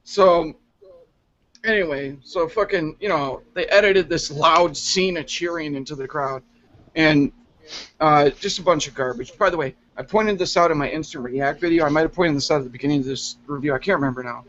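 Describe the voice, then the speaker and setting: A man's voice: a little high, normal speed, a bit bright. A man reviewing a wrestling show in casual, profane chat, rambling and laughing often. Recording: dull lo-fi recording.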